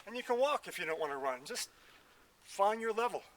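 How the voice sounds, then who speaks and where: Fitness coach, man, bright forceful voice, slightly high, a little out of breath, outdoor workout video with faint noise behind. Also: lively intonation, brisk. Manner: chatty, self-mocking, explains while exercising. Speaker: fitness instructor. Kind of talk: casual workout demonstration. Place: outdoors at a house in the woods. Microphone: filmed by a camera operator.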